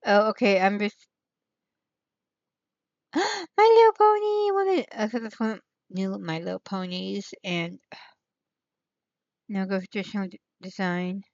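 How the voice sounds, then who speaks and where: A woman's voice: medium pitch, little pitch movement, moderate pace, dry recording. A woman hosting her own stream in a loose, rambling chat. She thinks aloud, drifts off mid-thought and circles back. Her voice sits in a middle register, and the sound is dry and a little muffled. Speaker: channel host. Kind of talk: rambling casual livestream chat.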